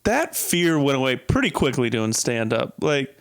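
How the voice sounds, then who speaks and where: A man's voice: mid-range voice, big pitch swings, normal speed. A male comedian on a podcast as a guest, talking in a laid-back way full of fillers and swearing. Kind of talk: casual podcast chat.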